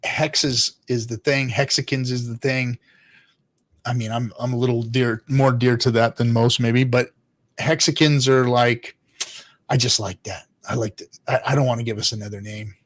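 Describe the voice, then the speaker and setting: A man in his middle range of pitch chats loosely on a livestream, swearing freely and chuckling between thoughts. He trails off, restarts, and sometimes sinks into quiet low mutters before picking back up. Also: fairly even intonation, moderate pace. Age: adult father. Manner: profane, rambling, laughs often, drops to low mutters. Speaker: crypto livestream host reading chat. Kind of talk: casual livestream chat.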